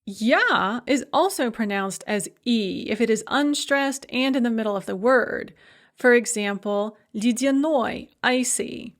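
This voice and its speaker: A woman giving a recorded language lecture, explaining rules step by step and modeling each example word aloud. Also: on the high side. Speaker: language instructor.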